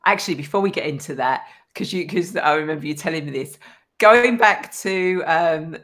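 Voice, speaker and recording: Host: woman, very low pitch, gentle supportive interviewer. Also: moderate pace. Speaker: podcast host. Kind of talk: casual conversational interview.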